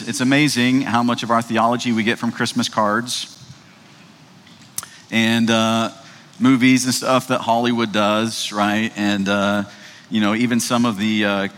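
A man's voice: on the low side, fairly bright tone. A man giving a sermon as pastor, talking casually with many fillers and "right?" checks, and reading scripture aloud. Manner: conversational, frequent fillers and tag questions; reads scripture aloud in old-fashioned wording. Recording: long hall reverb.

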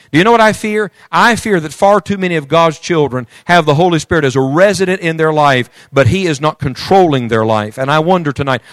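Male preacher, slightly higher voice, dry close recording; builds to emphatic peaks, then falls to near-whispered asides. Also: no room sound. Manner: swings between loud emphatic declarations and hushed intimate storytelling; reads scripture aloud in King James wording. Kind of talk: sermon.

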